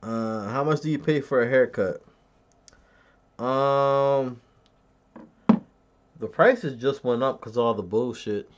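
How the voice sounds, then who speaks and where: A man's voice: mid-range voice, slow pace, long pauses, muffled recording, slight background noise. Joking, boastful man streaming to chat. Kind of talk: casual live-stream chat.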